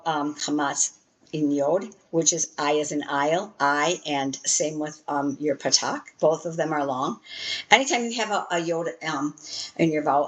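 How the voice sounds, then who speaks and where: A woman teaching an introductory Hebrew class from a textbook, explaining step by step and filling pauses with "um". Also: deep voice, poor audio. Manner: frequent "um" fillers, patient step-by-step explaining.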